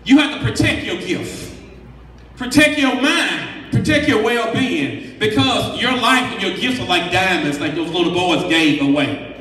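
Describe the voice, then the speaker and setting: Man, high bright voice, motivational workshop speaker, emphatic and preachy, distant mic in a reverberant hall. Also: expressive, a little slow. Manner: preachy, emphatic, counts off numbered points. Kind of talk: motivational talk. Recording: echoey hall from far off.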